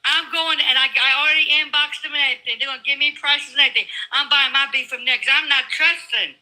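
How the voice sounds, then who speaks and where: A woman from California arguing politics in a heated, profane rant, fast bursts of words. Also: sits high, steady tone, sharp tone, poor audio.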